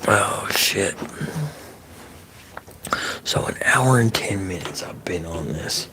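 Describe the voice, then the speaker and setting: A man chatting casually on an ASMR live stream, soft-spoken and slipping into whispers, loose and a bit profane. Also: sits low, animated, takes it slowly.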